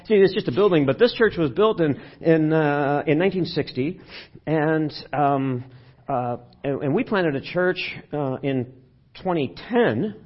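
A pastor delivers a sermon in a church sanctuary, his husky voice sitting a little high for a man. He keeps it conversational and keeps asking the congregation questions. The recording is dull and lo-fi. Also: expressive, a little slow.

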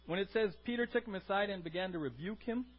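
A man preaching a sermon, animated and acting out scenes, with frequent restarts. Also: high voice, fast, dull audio. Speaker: pastor.

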